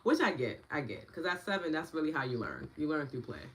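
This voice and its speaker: A young woman with a New York accent guides a live online session in a low, grounded voice. She talks to her viewers in a loose, chatty way and breaks into bubbly excitement. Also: fairly quick, rough recording. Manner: bubbly, bursts into excited laughter. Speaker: meditation and tapping guide. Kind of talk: casual live-stream teaching while reading chat.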